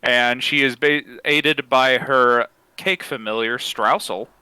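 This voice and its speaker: Young-sounding man, tabletop player, bright crisp voice, dry close mic, relaxed with fillers. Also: mid-range voice, takes it slowly, dry recording, poor audio. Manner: laid-back, laughs often, many fillers. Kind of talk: casual character introduction at a tabletop game.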